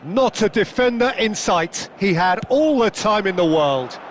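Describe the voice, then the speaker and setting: A man voicing a male football play-by-play commentator in a video game, calling the match with lively swings up to excited shouts. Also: sits high, a little slow, slight background noise. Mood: measured.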